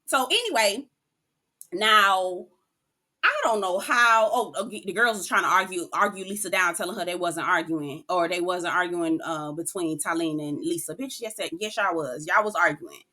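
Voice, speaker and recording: A woman recapping a reality show in a sassy, animated way, cussing freely and calling her listeners "girl.". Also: on the low side, moderate pace.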